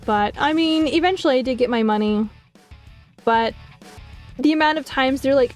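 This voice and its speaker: A woman with a high voice chats casually on stream while drawing. She swears freely and tells stories animatedly, slipping into mocking voices for other people. Faint music plays quietly in the background. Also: normal speed, pauses often. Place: home streaming setup.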